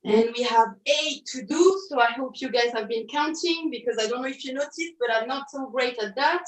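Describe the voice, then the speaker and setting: A woman with a high voice teaches an online pilates class, cueing each move and counting reps brightly. She corrects herself with quick asides as she goes. Her voice sounds roomy and comes from a little way off the mic. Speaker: pilates instructor. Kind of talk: online fitness class instruction. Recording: roomy audio from a distance.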